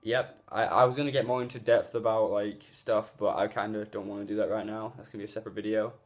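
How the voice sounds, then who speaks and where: Recorded on a phone, a gaming YouTuber speaks quickly in a lowish voice that barely moves in pitch. His vlog talk to camera is casual, earnest and meandering, packed with filler words.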